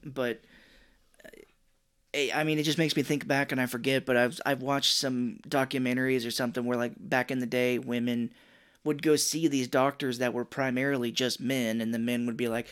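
A man's voice: medium pitch, fairly even intonation, normal speed, a bit bright, clear, resonant tone. A man co-hosting a movie podcast in casual chat, loose and profane, now and then quoting people in put-on voices. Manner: loose and profane, quotes others in funny voices. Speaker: podcast co-host.

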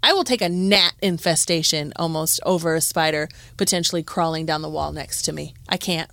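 Woman podcast co-host with a low voice; animated, exasperated storyteller, dry sound. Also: a little fast, gravelly, no room sound. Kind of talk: casual chat.

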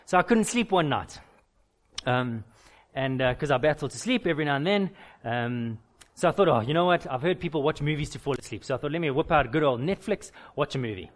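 Higher-voiced man preaching a candid sermon. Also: lively intonation, a little fast. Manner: candid personal storytelling with emphatic repeated lists. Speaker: pastor.

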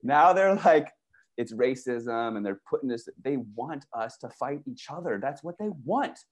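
A man talking casually and excitedly, rambling through stories with many restarts, swearing and saying "dude" and "bro". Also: medium pitch, moderate pace. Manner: profane, uses "dude" and "bro". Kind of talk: casual conversation.

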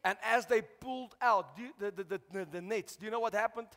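A man preaching a sermon as pastor, shouting out to the congregation and asking for responses. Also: high-pitched, brisk. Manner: preaching with rising shouts and call-outs to the congregation. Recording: long hall reverb.

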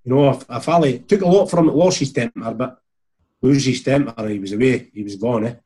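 A Scottish man in casual chat, telling animated anecdotes and acting out the people in them. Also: medium pitch, a little fast, slightly rough. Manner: broad, animated storytelling with acted quotes.

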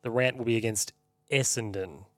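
A man's voice: mid-range voice, moderate pace, dry recording, studio quality. A man co-hosting a casual podcast chat, telling stories and launching into a sweary, heated rant. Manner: profane, heated ranting with storytelling. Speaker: podcast co-host.

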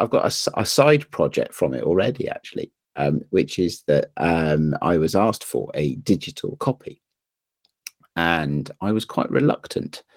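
A man chatting casually as a podcast co-host, halting with frequent restarts. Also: deep voice, darkish tone, husky, no echo, studio quality. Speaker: podcast co-host and zine publisher. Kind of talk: casual chat.

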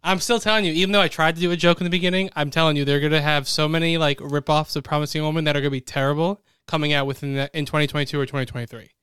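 A man's voice: on the high side, flat delivery, rapid-fire, hardly any pauses, a bit bright, clean tone, dry recording. Playful young man hosting a podcast. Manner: playful, laughs often, reads out nominee lists. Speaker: podcast co-host announcing awards. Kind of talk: casual podcast chat.

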